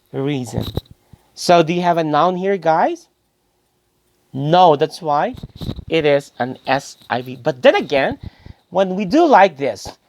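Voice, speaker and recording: Slow, deliberate male grammar teacher. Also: a little high, darkish tone, slight background noise. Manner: asks rhetorical questions and answers them himself; addresses listeners as guys, repeats key phrases. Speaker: English teacher. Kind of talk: grammar lesson to a class.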